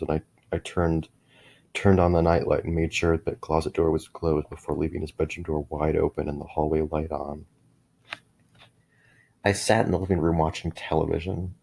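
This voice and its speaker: Deep-voiced man narrating a horror story. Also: vocal fry, darkish tone. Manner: measured, with frequent small restarts.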